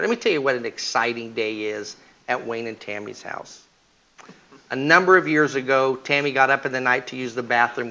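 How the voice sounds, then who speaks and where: A man giving a humorous marriage seminar talk, telling stories and acting out husband and wife lines in a lively way. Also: medium pitch, highs cut off. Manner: animated, acts out husband and wife dialogue. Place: church hall.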